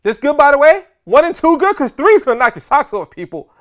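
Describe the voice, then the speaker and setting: A man doing an impression of a loud, brash male comedian who calls out to the crowd. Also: sing-song, a little fast. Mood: hyped. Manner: booming, teasing crowd call-out.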